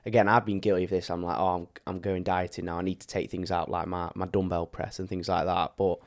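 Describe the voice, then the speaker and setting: A man's voice: low voice, little pitch movement, fast talker. A man, a fitness coach co-hosting a podcast, explaining training advice at length in a casual chatty way with fillers.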